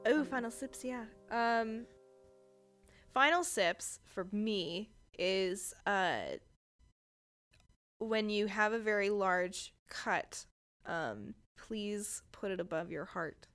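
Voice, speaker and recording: A young woman co-hosting a true-crime podcast, joking loudly and swearing freely in casual chat. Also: medium pitch, slow pace, faint music behind. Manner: loud, profane, joking. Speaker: podcast co-host.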